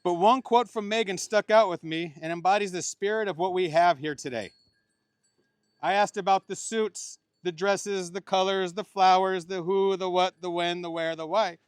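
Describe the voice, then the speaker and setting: A middle-aged man gives a wedding ceremony speech as the officiating uncle. His voice sits a little high, and he slips playful jokes in between sincere marriage advice. The sound is close and dry. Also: steady tone, moderate pace, clean tone, dry recording. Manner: joking, playful asides between heartfelt advice.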